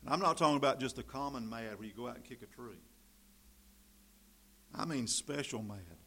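A man delivering a sermon, his voice sitting at an ordinary middle pitch. He reads scripture aloud, climbs to loud, emphatic preaching, then drops into quiet, folksy asides. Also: normal speed, breathy edge. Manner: folksy, conversational storytelling between scripture readings.

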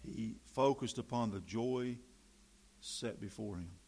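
A man preaching a sermon, reading scripture and switching between emphatic, loud passages and quiet, folksy asides. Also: fairly low pitch, slow, a little hiss or hum.

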